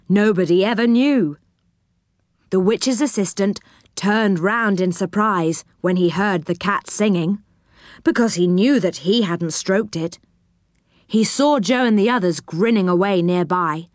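A woman reading a children's storybook aloud in a gentle, expressive way. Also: medium pitch, measured pace, no room sound, studio quality. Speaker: narrator.

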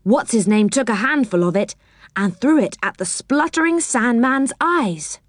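A woman reading a children's story aloud, expressive and unhurried. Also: a little high, no echo, studio quality.

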